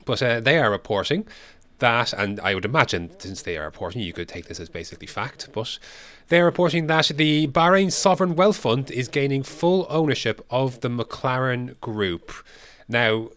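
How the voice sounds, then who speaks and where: A man's voice: mid-range voice, expressive, moderate pace, fairly bright tone. A man co-hosting a podcast, talking in a loose, casual way. He rambles through his points with plenty of fillers and restarts, in a mid-range voice. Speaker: podcast co-host. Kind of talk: casual chat.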